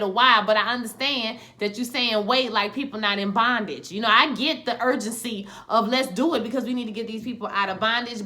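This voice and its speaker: A woman recapping a TV episode in a casual vlog, retelling scenes in animated, slangy talk and tossing in asides like "child" and "honey". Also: fairly high pitch. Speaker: TV episode reviewer.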